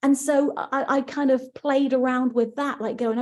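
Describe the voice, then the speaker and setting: A woman's voice: high voice, steady tone, moderate pace, darkish tone. A woman, an audiobook narrator, chatting casually and searching for her words as she goes. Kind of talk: casual chat.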